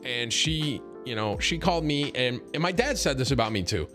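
A man's voice: mid-range voice, animated, normal speed. A man streaming and casually telling a story to his viewers, rambling, repeating words and swearing as he mocks himself. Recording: music playing underneath. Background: background music.

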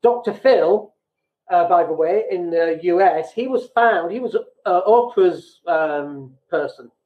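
A British man with a fairly high voice talks bluntly and casually on his podcast, often joking at his own expense. The sound is thin and tinny, like a phone line, with a noticeable echo from the room. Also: measured pace. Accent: British English. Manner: blunt, self-deprecating, acts out quoted people. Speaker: podcast host. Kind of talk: casual business podcast talk.

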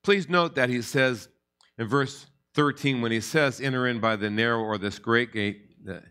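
Bright-voiced male pastor teaching. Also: mid-range voice, normal speed, smooth. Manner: conversational teaching with repeated words and rising emphasis. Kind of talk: Bible study sermon.

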